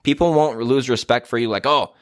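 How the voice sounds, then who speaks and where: A man's voice: medium pitch, expressive, normal speed, no room sound. Guy business coach venting on his podcast, candid and fed up, dry close mic. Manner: candid, exasperated ranting with quoted asides. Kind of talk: edited podcast monologue.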